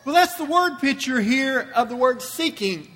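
A man's voice: very high-pitched, animated, normal speed, sharp tone. A man preaching a sermon in a church, emphatic and repeating phrases for effect. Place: church sanctuary. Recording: long reverb from a church hall.

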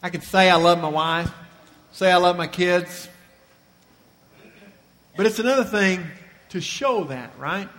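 A pastor preaching a sermon with emphatic, slowly stressed phrases and rhetorical questions. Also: male voice, high-pitched, a bit bright, long reverb tail.

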